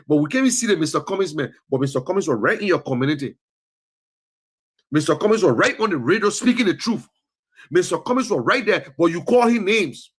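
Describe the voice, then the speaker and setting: Impassioned husky man, Liberian English. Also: high-pitched, big pitch swings, brisk. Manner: preachy, rising to scolding peaks. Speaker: political commentator. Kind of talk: impassioned political talk show monologue. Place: lives in the US.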